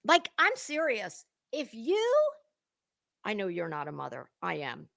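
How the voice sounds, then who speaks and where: A woman's voice: mid-range voice, wildly swooping pitch, a little slow, vocal fry, pushed and bright, no room sound. A middle-aged woman hosting drama commentary, scathing and mocking, lecturing and swearing freely. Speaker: commentary channel host.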